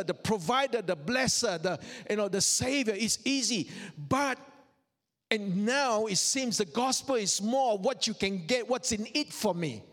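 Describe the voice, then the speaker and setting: Slow, high-voiced preacher in a big echoing hall. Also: male voice, a bit bright. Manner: earnest, rhetorical questions, repeats phrases. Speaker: pastor. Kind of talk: sermon.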